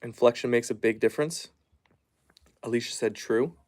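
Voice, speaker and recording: A man casually chatting on a live stream at home, reading viewer comments aloud and softly hushing his dogs. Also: medium pitch, moderate pace. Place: at home, down in the basement.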